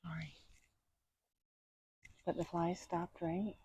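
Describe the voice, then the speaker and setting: A horse trainer speaks outdoors, half explaining the session and half soothing the animal. The voice is husky and a little breathy, at a middling pitch. The delivery is calm and coaxing, with gentle reassurances said again and again. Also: slow pace. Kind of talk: casual training vlog, talking to a horse.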